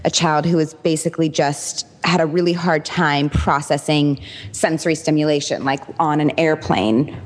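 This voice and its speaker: Woman, very low voice, parenting panelist, earnest quick explaining, long reverb. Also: steady tone. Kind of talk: casual chat.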